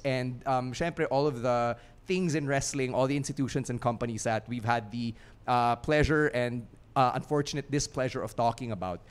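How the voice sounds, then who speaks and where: Man, filipino accent, smooth clear voice, casual podcast host, earnest and rambling. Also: medium pitch. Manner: earnest, rambling with fillers, switches into Tagalog phrases. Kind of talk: casual podcast chat before a live audience. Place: studio with live audience.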